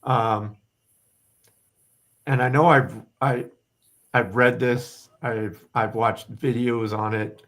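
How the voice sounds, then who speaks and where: A hoarse man co-hosting a casual spiritual live stream, candid and rambling, who says he is losing his voice. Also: mid-range voice, fairly even intonation, takes it slowly, pauses often, a bit bright. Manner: candid, rambling, restarts often. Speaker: co-host, spiritual medium.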